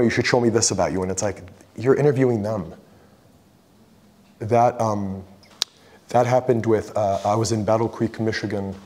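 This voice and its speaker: A man giving a casual artist talk as a photographer, telling a story with lively quoted voices and frank swearing. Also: mid-range voice.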